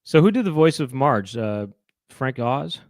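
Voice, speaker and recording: A man's voice: sing-song, unhurried, no echo. Chatty comedian man, dry close mic. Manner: rambling, launches into loud high-pitched impressions. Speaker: co-host. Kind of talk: casual comedic chat.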